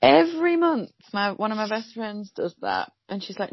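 A woman's voice: medium pitch, big pitch swings, moderate pace, creaky, dry recording. A woman in sympathetic, chatty conversation. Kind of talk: casual chat. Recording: dull lo-fi dry sound.

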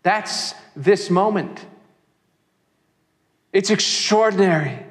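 A man preaching a sermon as a pastor, animated and acting out the voices of people he quotes. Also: high-pitched, slow, long reverb tail.

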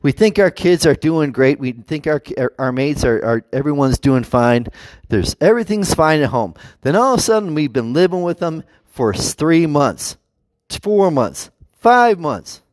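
A man's voice: a little high, big pitch swings, moderate pace, no room sound. A man vlogging in a casual monologue. He rambles, restarts often and acts out quotes.

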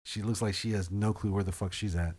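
Man, low voice, casual swearing storyteller who acts out quotes. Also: a little fast, slightly rough. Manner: profane, animated storytelling with acted-out quotes. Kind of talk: casual podcast chat.

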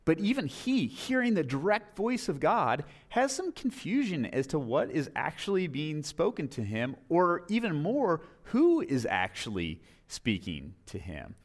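A man preaching a sermon with a lively, swooping delivery, his voice rising and falling widely. He sits a touch above the usual male pitch and tells stories with animated energy. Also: normal speed. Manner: animated storytelling, acts out quoted voices. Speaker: pastor.

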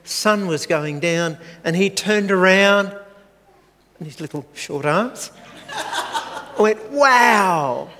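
Older male preacher, slow and earnest, slightly high voice, long church hall reverb. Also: pushed and bright, a little hiss or hum. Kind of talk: sermon.

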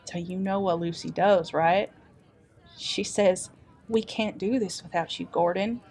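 A woman's voice: lowish voice, measured pace, vocal fry, a little mellow. A woman playing a folksy traveling adventurer who tells a dramatic tale with a homespun drawl in an improvised tabletop role-play. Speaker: player character storyteller.

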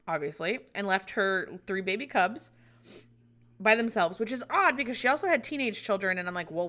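A woman's voice: mid-range voice, pushed and bright. A woman in her thirties hosting her own show, chatting alone in a rambling way, swearing and laughing often. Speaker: podcast host. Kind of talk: casual solo chat.

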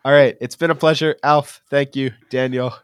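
Brief: male podcast host, mid-pitched voice, casual and exasperated. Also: fairly even intonation, moderate pace, clean tone. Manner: wraps up the show through repeated interruptions, exasperated. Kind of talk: casual banter.

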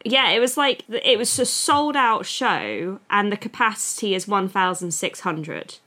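A woman in her thirties, co-hosting a podcast, telling stories in a chatty way with quick laughs. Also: medium pitch, bright, forceful tone. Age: 30s. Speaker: podcast co-host. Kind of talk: casual chat.

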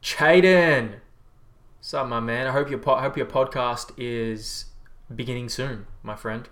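A man's voice: mid-range voice, steady tone, normal speed, a bit bright. An Australian man chatting casually on a livestream, reading out viewer comments and rambling with free swearing. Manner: rambling, laid-back, swears freely. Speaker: livestreamer and health coach.

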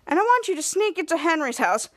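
A woman's voice: very high voice, very animated, quick pace, no room sound, clean studio sound. A woman doing a bossy grown superhero guy. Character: blustering grown male superhero boss.

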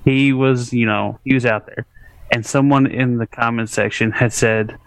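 A man's voice: mid-range voice, steady tone, normal speed, no room sound. A man chatting casually on a podcast, laughing as he tells a funny story. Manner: laughing through his own story. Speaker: co-host. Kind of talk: casual chat.

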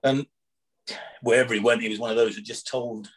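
A man's voice: mid-range voice, steady tone, brisk, slightly rough. A man, a former prison officer, telling rambling anecdotes in casual chat, acting out quoted dialogue with chuckles.

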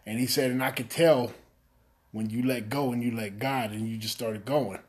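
A man hosting a podcast in casual chat, talking in a subdued, low-energy monotone and rambling a little with self-deprecating asides. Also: normal speed. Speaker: podcast host.

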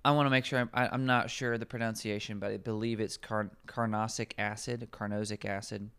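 A man's voice: mid-range voice, steady tone, fast, fairly bright tone, smooth. A man, a nutrition coach, explaining herbs in casual podcast conversation, rambling and correcting himself as he goes.

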